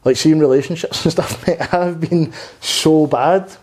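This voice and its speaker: Husky, a little high, and slightly mellow, this man's voice moves a little slowly. He's a twenty-something stand-up comic on a podcast, rambling candidly and earnestly through an unpolished interview with frequent swearing.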